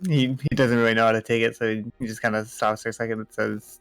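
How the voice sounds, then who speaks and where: Young male dungeon master: easygoing, halting narration, resonant and dry. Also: lowish voice, flat delivery, clean tone, no room sound, faint music behind, poor audio. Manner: laid-back, hesitant, frequent fillers. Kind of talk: narrating a tabletop game.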